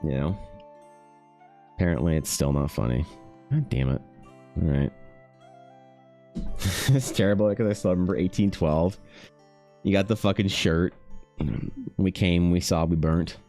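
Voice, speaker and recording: A man's voice: low-pitched, a little slow, pauses often, dark tone, faint music behind. A young Canadian man chatting casually with his stream while he draws, rambling, swearing and laughing as he talks to chat. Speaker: artist streaming while drawing.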